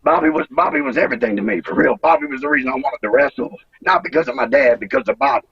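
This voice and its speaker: A husky, gravelly man in his fifties speaks haltingly, circling back over his words and swearing freely as his feelings rise. His pitch swings widely. The sound is dry, distant and muffled, like a remote call. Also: very animated, a bit bright, no echo. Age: 50s. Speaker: retired wrestler, interview guest. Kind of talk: emotional interview over a call.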